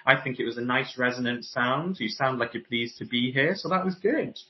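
A man with a trained baritone voice teaches as a podcast guest, breaking into sung vowels and mock tones to show his points. His pitch sits in an ordinary male middle, and the recording has a dull, lo-fi sound. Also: brisk. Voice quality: classical baritone. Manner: demonstrates vocal exercises and tones while explaining. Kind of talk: explanatory podcast interview.

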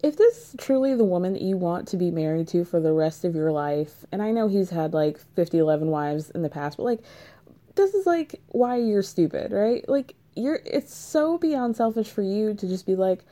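A woman's voice: mid-range voice, expressive, normal speed, hardly any pauses, dark tone. A woman giving casual, sarcastic commentary on a reality show, swearing freely and peppering her speech with "like.". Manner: chatty, sarcastic, swears freely, many "like" fillers.

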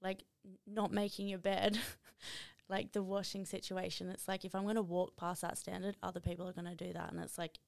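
A young adult woman talks with energy and emphasis on a podcast, her voice smooth with a gravelly, fry-tinged edge. She sounds close and dry on the mic, as a guest coach sharing her views. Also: fairly low pitch, brisk, no room sound. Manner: energetic, emphatic, many fillers like "like". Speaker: podcast guest, running coach and motivational speaker. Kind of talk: casual podcast chat.

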